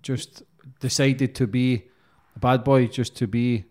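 A man's voice: mid-range voice, steady tone, slow pace, a little mellow. Man hosting an interview podcast. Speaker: podcast host. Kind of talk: interview questions.

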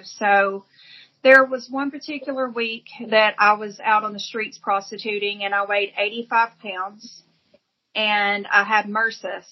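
A woman's voice: medium pitch, lo-fi sound. A woman giving an earnest, emotional personal testimony as an interview guest, telling her story vividly.

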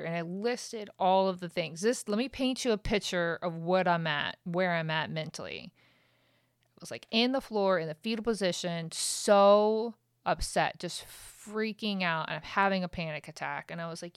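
A woman's voice: lowish voice, normal speed, clear, resonant tone, dry recording, clean studio sound. A woman hosting a podcast, talking candidly and emotionally in a raw, venting monologue that swears freely. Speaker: podcast host.

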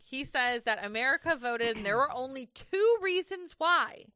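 A woman's voice: high voice, animated, moderate pace, pushed and bright, clear, resonant tone. A woman co-hosting a podcast, recapping a reality show in casual chat. She swears freely and sounds exasperated, often laughing. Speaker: podcast co-host.

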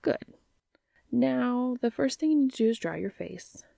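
Dean, a soft-spoken teasing young man, as a woman puts him on. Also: on the high side, animated, a little slow, vocal fry, no room sound, studio quality, voice pushed up, heavily acted. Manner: soft, hushed delivery.

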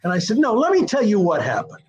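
A man's voice: high voice, huge pitch swings, quick pace. An older man, a screenwriter guest, tells stories in a rambling way, with many fillers and restarts, and sometimes taps out a rhythm aloud. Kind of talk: anecdotal storytelling interview. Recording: dull lo-fi sound.

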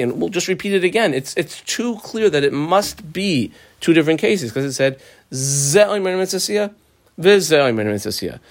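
A man walks through a text line by line in a lively teaching voice that rises and falls a great deal. His pitch sits a little high for a man, and he slips into the voices of the people in the case as he explains it. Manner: animated, acts out claimants' voices. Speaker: Talmud teacher. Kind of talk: line-by-line text study lesson.

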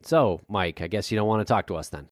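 A man's voice: fairly low pitch, fast talker, dry recording, clean studio sound, lightly acted. A man playing an adult male police detective who keeps pressing a prisoner to talk, in a dramatized interview reading. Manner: pressing, insistent.

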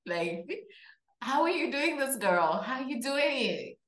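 Woman podcast host, unhurried and playful, talks straight to the audience, mic picks up lots of room echo. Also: sits high, sing-song, a bit bright. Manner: chatty and playful, addresses listeners directly. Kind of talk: casual interview chat.

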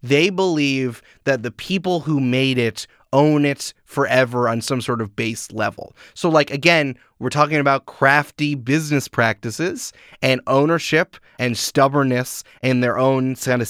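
A man talking casually on a podcast, animated and full of "like" fillers. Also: medium pitch, a little slow, few pauses, clean tone, no room sound, studio quality. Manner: animated, uses many "like" fillers, acts out quotes. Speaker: podcast guest.

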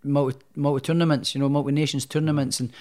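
This man's voice is fairly high and slightly mellow, moving little in pitch as he talks fast. He's a professional boxer from Scotland being interviewed, and he tells his tale in a loose, self-mocking way, restarting often and filling gaps with fillers.

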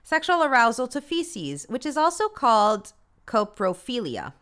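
Woman host chatting away off a list, super animated pitch, crisp clear voice, blunt and swears a lot. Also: moderate pace. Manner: candid, chatty, swears freely, comments wryly as she reads. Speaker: podcast host. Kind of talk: casual chat reading from a list.

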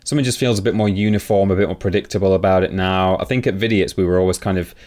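A man's voice: low voice, fairly even intonation, rapid-fire, darkish tone. A man co-hosting a podcast, talking casually with many ums and restarts. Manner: hesitant, lots of ums and restarts. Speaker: podcast co-host. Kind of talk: casual chat.

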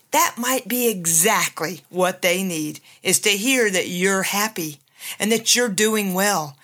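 Upbeat bright-voiced woman podcast host. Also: mid-range voice. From USA. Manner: upbeat and emphatic, laughs often. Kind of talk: motivational self-help talk.

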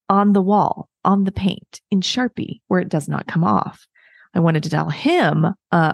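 Candid, chatty mom with a gravelly voice. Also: female voice, on the low side, a little slow, a little mellow, dry recording, studio quality. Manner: candid, chatty, self-mocking. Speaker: podcast host. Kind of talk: casual solo advice talk.

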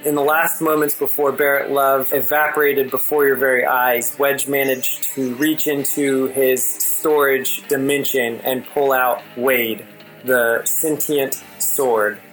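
A man's voice: medium pitch, level tone, unhurried, a bit bright, faint music behind, rough recording. A man narrating a tabletop role-playing game as game master, in a loose storytelling way with many fillers.

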